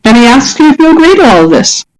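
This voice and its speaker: A woman's voice: sits high, sing-song, fast, darkish tone, low-quality recording. Woman game master narrating a tabletop game. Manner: descriptive, with frequent restarts and fillers.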